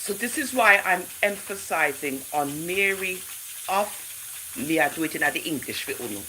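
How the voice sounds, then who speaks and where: Hosting a relaxed livestream, a Jamaican-accented woman with a lowish voice reads scripture at a moderate pace, sounding animated and preachy as she greets viewers in the chat by name. There's a little hiss or hum, and the recording is rough.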